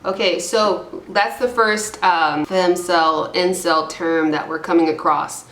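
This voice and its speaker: A woman's voice: on the low side, fairly even intonation, slow, few pauses, a bit bright, echoey room, slight background noise. A woman giving casual, irreverent commentary while reading forum posts aloud, with rambling, self-deprecating asides. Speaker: YouTube commentator.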